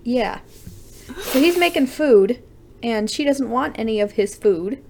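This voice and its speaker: A woman's voice: on the high side, expressive, unhurried, creaky, dark tone, a little hiss or hum. A woman podcast host casually reading fan fiction aloud with playful, dramatic asides.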